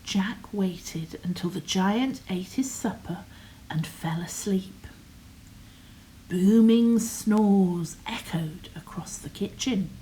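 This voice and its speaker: An older woman reading a bedtime story in a soft, often half-whispered voice. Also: medium pitch, slow, a little hiss or hum, rough recording.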